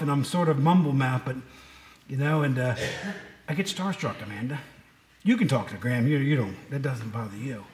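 A middle-aged pastor with a high voice gives a relaxed, chatty sermon and tosses joking asides to his congregation. His voice rings out in a roomy church. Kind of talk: casual sermon.

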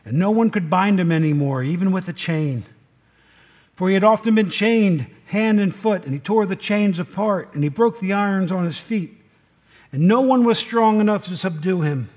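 A man, preaching a folksy sermon and asking the congregation questions. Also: sits high. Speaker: pastor.

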